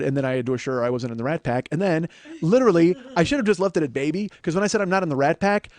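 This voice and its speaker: A podcast host in his forties tells comedic stories in a rambling, self-deprecating, profane monologue. His voice is on the high side with a darkish tone, racing along with few pauses, and there's no echo.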